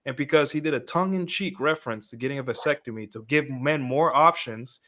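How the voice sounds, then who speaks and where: Guy rambling on a podcast, lots of like and you know, mid pitch. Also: a little fast, pushed and bright. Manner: rambling, full of restarts and fillers. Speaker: podcast co-host. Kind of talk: casual podcast discussion.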